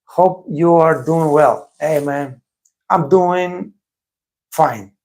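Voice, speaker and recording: A man from Bulgaria talks bluntly with a Bulgarian accent on a live stream. His voice is gravelly and sits a bit high, and he circles back over his points with lots of fillers. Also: very slow, darkish tone. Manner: blunt, repeats himself, many fillers. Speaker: host of a live stream for waiters. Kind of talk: casual live-stream advice talk.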